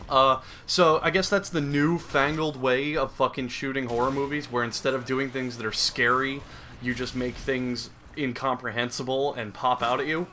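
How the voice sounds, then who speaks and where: A man's voice: mid-range voice, fairly even intonation, normal speed, sharp tone, slight background noise. Crude, sarcastic young man ranting. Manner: crude, sarcastic, rambling, mocking voices. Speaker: gaming commentator. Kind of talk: comedic gameplay commentary rant.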